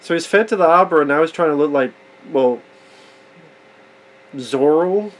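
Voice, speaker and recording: A man's voice: a little high, animated, normal speed, rough recording. Sarcastic man riffing on a movie. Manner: sarcastic, swearing, incredulous. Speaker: movie reaction commentator. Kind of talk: casual profane movie commentary.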